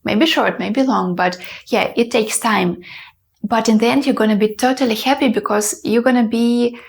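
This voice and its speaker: Chatty, animated young woman vlogger. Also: a little high, moderate pace, vocal fry. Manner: chatty and animated, with fillers and light laughs. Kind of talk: casual talk to camera.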